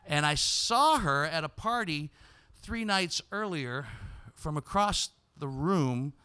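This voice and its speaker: A man hosting a comedy show, telling a self-mocking story on stage and breaking into loud, excited impressions of his younger self. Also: fairly high pitch, slow pace, smooth. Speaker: comedian host. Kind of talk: stand-up storytelling monologue. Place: on stage before a live audience.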